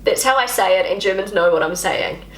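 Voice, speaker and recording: This woman's medium-pitched voice is brisk and fairly bright as she talks to camera in a roomy room. A native English speaker and language vlogger, she is chatty and self-mocking, and she repeats words as practice.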